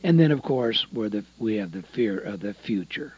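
An older man preaching a sermon, swinging between loud emphasis and hushed, low asides. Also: lively intonation, moderate pace, husky, dull audio.

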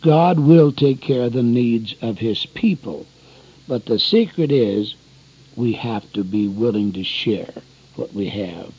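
A man's voice: medium pitch, lively intonation, takes it slowly, breathy edge. An older man preaching an earnest, folksy radio sermon, often calling his listeners friends. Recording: dull lo-fi radio broadcast.

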